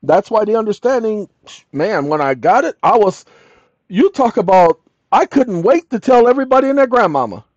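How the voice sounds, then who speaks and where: A man's voice: high-pitched, big pitch swings, normal speed, no echo. An older man telling a story as a channel host, emphatic and repeating his key lines. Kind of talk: storytelling monologue. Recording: dull lo-fi audio.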